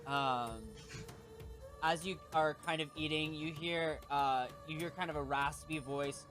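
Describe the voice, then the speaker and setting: A man's voice: fairly high pitch, steady tone, measured pace, fairly bright tone, soft background music. A man narrating as game master for a tabletop game, in a loose way with lots of fillers.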